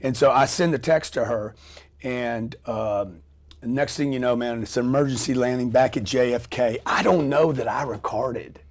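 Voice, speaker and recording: Here a middle-aged interview-show guest recounts a tale with lively, foul-mouthed energy, voicing characters and adding sound effects as he acts it out. His pitch sits in the middle and his pace is ordinary.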